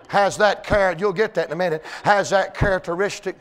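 High-voiced preacher, folksy and shouting. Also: male voice. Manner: folksy storytelling, building to shouted preaching with drawn-out words. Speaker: pastor. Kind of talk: sermon.

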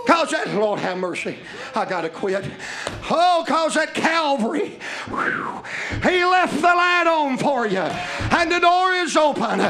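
A man preaching a sermon in a fervent, folksy way, often shouting his lines. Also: very high voice, very animated, a little slow, noisy background. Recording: live church sermon with congregation audible. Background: congregation.

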